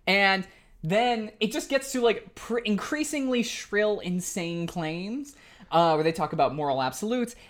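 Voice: mid-range voice, animated, unhurried, fairly bright tone. A podcast co-host recapping a film in casual comedic chat, mock-indignant and profane.

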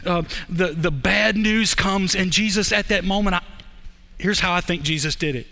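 A middle-aged man preaching from the pulpit, his voice pitched high and ringing bright. He tells the story conversationally, racing through some phrases and slowing right down on others for emphasis. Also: vocal fry, slight background noise. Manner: conversational storytelling, swings between fast bursts and slow emphasis. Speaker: pastor. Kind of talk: sermon.

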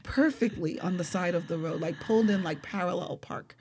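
Animated woman telling a personal story. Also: lowish voice, brisk, husky. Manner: animated, expressive, frequent fillers like "like". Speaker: interview guest.

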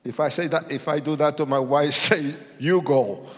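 A man telling his testimony like a sermon, acting out voices and rising to shouts. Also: fairly high pitch, a little fast. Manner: animated, acts out voices, swings to shouts. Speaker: testimony speaker. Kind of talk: preached testimony storytelling. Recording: long hall reverb.

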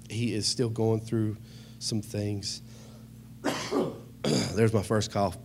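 A man's voice: fairly low pitch, steady tone, extremely slow, darkish tone, a little hiss or hum. A man preaching a humorous sermon, telling jokey stories and calling out to the congregation. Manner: joking, storytelling, calls out to the congregation. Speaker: pastor.

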